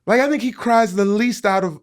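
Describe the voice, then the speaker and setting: A man's voice: high voice, fairly quick, no echo, studio quality. A man co-hosting a podcast, chatting casually and animatedly, often laughing as he asks questions. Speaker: podcast co-host.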